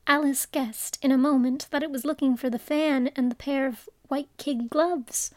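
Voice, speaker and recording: A woman narrating a storybook in a measured, expressive way. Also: sits high, no echo. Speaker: audiobook narrator.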